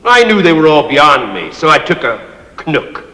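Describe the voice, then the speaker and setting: An actor playing a pompous, cruel old master who holds forth theatrically in a declamatory manner. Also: male voice, fairly high pitch, big pitch swings, normal speed, bright, forceful tone. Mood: boastful. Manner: grandiose, mocking, declamatory. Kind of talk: stage play performance. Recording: echoey hall with long reverb.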